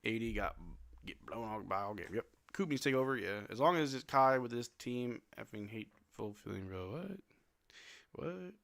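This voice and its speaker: Bright-voiced sleepy fan streamer. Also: male voice, mid-range voice, normal speed, vocal fry, no echo. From New Zealand. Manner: blunt, swings between flat dismay and sudden shouts. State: yawning, sleepy late at night. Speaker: live stream watch-along host. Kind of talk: casual play-by-play and chat.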